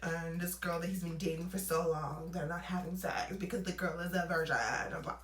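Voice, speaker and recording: A young adult woman vlogging a casual storytime, animated and laughing as she acts out what people said. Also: fairly low pitch, fairly quick, very noisy. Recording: roomy echo, away from mic.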